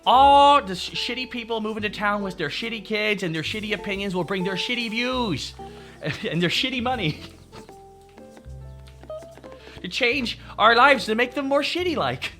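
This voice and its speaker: A man's voice: high voice, expressive, unhurried, sharp tone, soft background music, pitched above the performer's own voice, heavily acted. A man doing an older restaurant owner with a thick Chinese accent. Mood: scornful. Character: older male restaurant owner giving a scornful speech.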